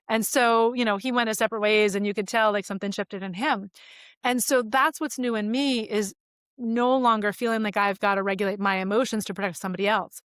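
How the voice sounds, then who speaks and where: A woman's voice: a little high, steady tone, fast, a bit bright, dry recording, clean studio sound. A woman in her forties, a podcast guest, telling personal stories in an open, reflective, conversational way. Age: 40s. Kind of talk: casual conversation.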